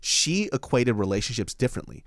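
Young man, podcast host, lively swooping pitch, profane storytelling, dry close sound. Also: a little fast, vocal fry, no echo. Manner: animated, profane, jumps high into mimicked quotes. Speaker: podcast co-host and stand-up comic. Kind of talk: casual storytelling.

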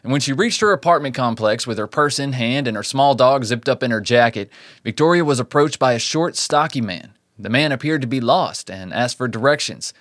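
A man's voice: medium pitch, a little fast, fairly bright tone, no room sound, studio quality. A man hosting a true crime podcast, reading the case and breaking off for joking asides. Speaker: podcast host.

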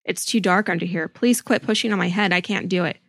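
A woman's voice: on the low side, brisk, fairly bright tone, no room sound, studio quality. A woman voicing a terrified ten-year-old girl as she reads a transcript aloud, pleading and panicked. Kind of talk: dramatic transcript reading.

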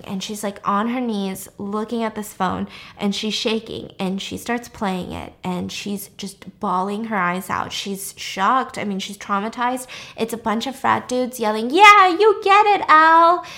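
A woman's voice: medium pitch, fairly bright tone. A woman casually and animatedly retelling a film plot, talking in a chatty way with lots of fillers. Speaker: storyteller recapping a film.

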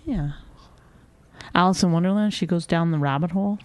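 A middle-aged woman co-hosting a podcast, chatting and teasing in a halting, casual way with many restarts. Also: lowish voice, no echo. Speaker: podcast co-host. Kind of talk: casual banter.

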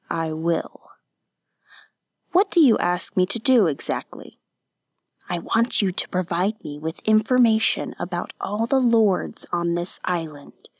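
A woman voicing a scheming, menacing male samurai lord in a hushed whisper, as whispered role-play in an audiobook. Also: high voice, dry recording, studio quality.

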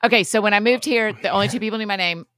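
A woman co-hosting a podcast in casual chat, chatty, with quick asides and frequent laughs. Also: medium pitch, crowd noise. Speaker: podcast co-host.

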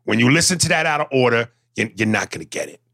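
A man co-hosting a podcast, chatting casually with animated, profane storytelling and reading listener messages aloud. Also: mid-range voice, fast talker, vocal fry, dry recording, studio quality. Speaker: podcast co-host. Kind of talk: casual chat.

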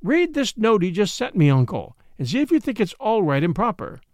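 Brief: eager, plain-spoken young frontier woman, read by a man, bright lilt. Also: high voice, sing-song, a little fast, no echo, studio quality, voice pushed up. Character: young woman from the West, frank and lively.

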